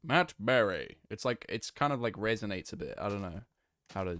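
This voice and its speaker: A man's voice: on the low side, brisk, fairly bright tone, dry recording. Flustered young man on a dry mic. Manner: laughing, flustered, rambling. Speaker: gaming streamer. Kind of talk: casual stream chat.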